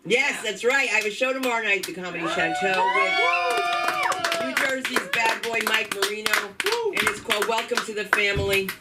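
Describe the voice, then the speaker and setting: A middle-aged woman hosts a comedy open mic with a lively, swooping delivery, chatting with the room and jumping into quick character voices. She is heard from a distance on the mic, with clear noise around her in the club. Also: on the high side. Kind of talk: stand-up comedy hosting.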